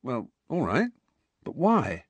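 A man voicing a frustrated teenage schoolboy in an audiobook, with a flat, irritable way of talking. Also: mid-range voice, slow pace, husky, dry recording, voice pushed up, full character voice. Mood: uncertain.

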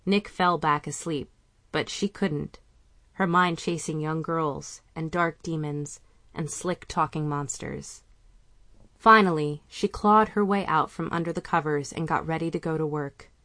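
A woman reading a novel aloud in calm, measured audiobook narration. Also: sits low, dry recording.

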